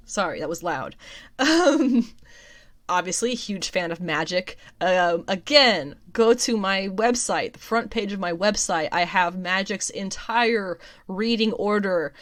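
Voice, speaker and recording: A young woman hosts her own comics news show, chatting in an excitable, rambling way full of ums and restarts. Her voice sits at a middle pitch for a woman. The sound is dry and close, with almost no room around it. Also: a little slow, dry recording. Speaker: podcast host. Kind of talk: casual comics news chat.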